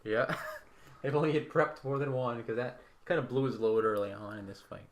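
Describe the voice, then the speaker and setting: A man running a tabletop game as dungeon master, casual and blunt, swearing freely and narrating misses with deadpan sound effects. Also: mid-range voice, a little fast.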